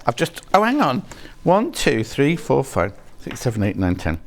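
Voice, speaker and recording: A man's voice: medium pitch, wildly swooping pitch, normal speed. A man hosting a live shopping channel show, chatting, joking with the crew and reading out viewer messages. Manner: chatty, jokey, reads viewer messages aloud. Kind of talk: live TV sales chat. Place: TV studio.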